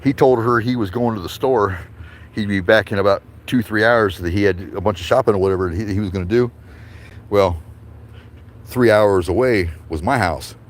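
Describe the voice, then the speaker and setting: A man's voice: fairly low pitch, normal speed. A man telling a long casual story, rambling and profane, chuckling between lines. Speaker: vlogger.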